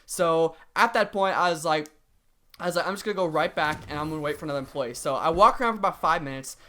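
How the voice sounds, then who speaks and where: Fast-talking young man telling a story. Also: a little high, pushed and bright. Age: 20s. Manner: rambling, heavy use of "like". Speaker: gaming vlogger. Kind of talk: casual story time.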